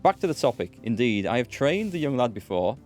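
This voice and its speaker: A man's voice: medium pitch, sing-song, brisk, darkish tone, faint music behind, voice pushed up, close to an everyday voice. A British man voicing a proud, unsmiling female lone hunter as he reads a game's dialogue aloud in a raised voice. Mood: stern.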